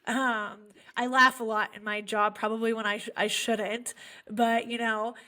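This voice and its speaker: A woman's voice: fairly high pitch, level tone, a little slow, pushed and bright. A young adult woman, a special education teacher, telling heartfelt stories in an earnest podcast conversation. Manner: earnest, heartfelt storytelling with frequent fillers.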